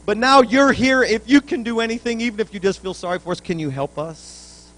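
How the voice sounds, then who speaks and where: A man's voice: high-pitched, a little fast, fairly bright tone, pitched above the performer's own voice. A pastor acting out a desperate father begging for help for his son, in a pleading, urgent voice.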